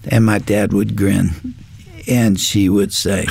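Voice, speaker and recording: An older man telling a personal faith story in an earnest, unhurried way. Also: lowish voice, little pitch movement, vocal fry, a little mellow, husky. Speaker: guest. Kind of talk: personal testimony in conversation.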